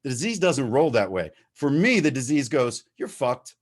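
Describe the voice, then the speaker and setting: Animated man sharing at a recovery meeting. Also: medium pitch, normal speed. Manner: animated, swears freely, gets worked up. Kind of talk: candid recovery-meeting share. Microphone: video-call microphone.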